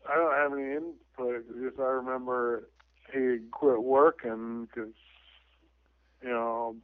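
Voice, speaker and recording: Tinny-sounding man, animated storyteller. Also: mid-range voice, slow pace, no echo. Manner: animated storyteller who laughs often and retells scenes. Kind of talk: casual chat. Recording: tinny radio transmission, dry.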